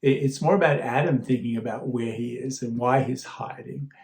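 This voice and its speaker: A man giving a guest sermon in a relaxed, conversational way, often repeating words as he starts a thought. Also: mid-range voice, moderate pace, creaky, reverberant. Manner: conversational, warm storytelling with frequent fillers and repeated starts. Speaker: guest speaker.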